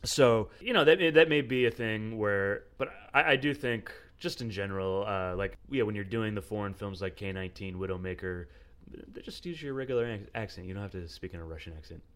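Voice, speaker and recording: A man's voice: on the low side, fairly quick, fairly bright tone, clean tone. Rambling man chatting about films. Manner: rambling, heavy use of "like" and "you know". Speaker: podcast co-host. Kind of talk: casual film discussion.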